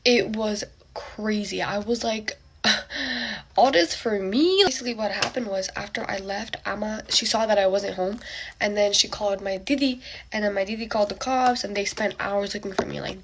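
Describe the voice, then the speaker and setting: A young woman chatting through a get-ready-with-me storytime, full of fillers and breathy half-whispered asides as she acts out what everyone said. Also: medium pitch, fairly bright tone, a little hiss or hum.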